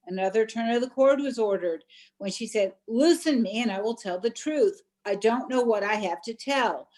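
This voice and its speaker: Woman, slightly high voice, steady reader in a class. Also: normal speed, rough recording. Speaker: class participant reading aloud. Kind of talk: reading a text aloud.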